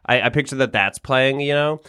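A man thinks out loud in a loose, hesitant way on a comedy podcast, stumbling over his starts and laughing along as he goes. His voice is recorded dry and close, with no echo. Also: mid-range voice, a little fast, smooth. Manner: hesitant, restarts often, laughs while talking. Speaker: podcast co-host. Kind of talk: casual comedic chat.

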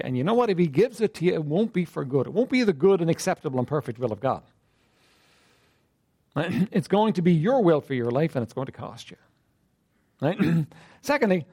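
A man preaching a sermon in a conversational style, asking his listeners "right?" again and again and often clearing his throat. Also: high voice, a little mellow. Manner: conversational preaching with frequent "right?" and "you know what?". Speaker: pastor.

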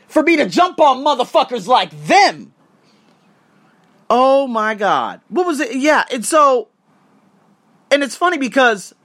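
A man's voice: extremely high pitch, a bit bright. A man who works as an online course instructor and coach, ranting in a heated, profane, casual monologue. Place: Thailand.

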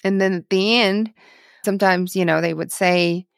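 A woman's voice: mid-range voice, steady tone, moderate pace, creaky, no echo, clean studio sound. A woman from Ukraine, a guest in an interview, telling her faith story in an earnest, emotional way with many repetitions. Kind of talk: personal testimony in a podcast interview.

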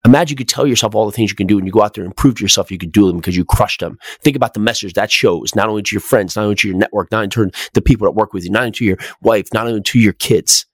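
A middle-aged man hosting a motivational podcast, speaking with energetic, repetitive emphasis and rhetorical questions. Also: lowish voice, racing, few pauses, no echo, clean studio sound. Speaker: podcast host.

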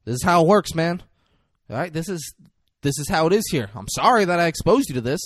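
A man's voice: a little high, animated, brisk, no room sound, clean studio sound, pitched above the performer's own voice. A man putting on the voice of a domineering veteran male street cop, brash and profane. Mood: persuasive.

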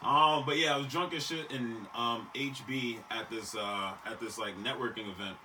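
A man's voice: mid-range voice, normal speed, far from the mic, noisy background. A young man hosting a casual podcast chat, telling a story in slang, laughing often and acting out what people said. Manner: laughing storyteller, slangy, acts out quoted voices. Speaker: podcast host.

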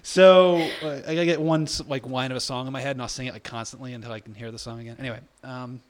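A man hosting a casual Christian discussion, joking with guests and reading scripture aloud in a slow, deliberate way. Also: mid-range voice, steady tone. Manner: chatty, jokey, reads scripture aloud slowly.

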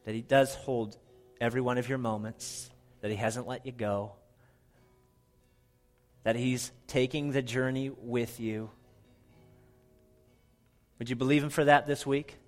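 A middle-aged man preaching a sermon as pastor, earnest, often dropping to a soft, hushed delivery for emphasis. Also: medium pitch, fairly even intonation, a little slow, pauses often, soft background music.

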